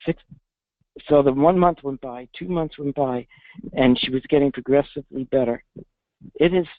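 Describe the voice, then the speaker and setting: A man who is a veterinarian tells a patient's story in an interview, earnest and halting with restarts, choked up with emotion, talking from a public space. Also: mid-range voice, dry recording. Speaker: veterinarian guest. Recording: dry tinny phone-like line.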